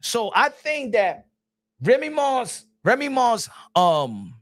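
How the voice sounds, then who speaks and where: A man from New York with a New York accent, slipping into Spanish, ranting in a rambling, mocking way that breaks into shouting. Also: very high-pitched, big pitch swings, slow. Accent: New York, with Spanish mixed in. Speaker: streamer. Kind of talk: loud animated rant.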